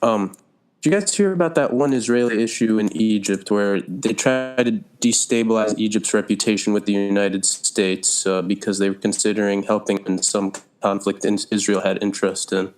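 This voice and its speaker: A young man with a fairly low voice joins a casual podcast chat. He speaks hesitantly and trails off mid-thought, heard through a poor-quality microphone. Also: moderate pace. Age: young adult. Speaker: podcast co-host.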